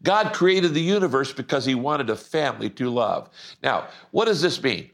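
Lively-voiced pastor preaching a sermon. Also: male voice, medium pitch, vocal fry. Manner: slows down for emphasis and stresses key words. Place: church.

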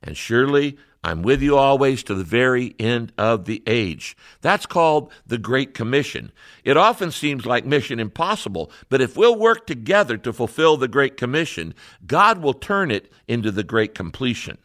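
A man's voice: medium pitch, big pitch swings, normal speed, a bit bright. A man, a pastor, reading a scripted appeal to listeners in an earnest, direct way.

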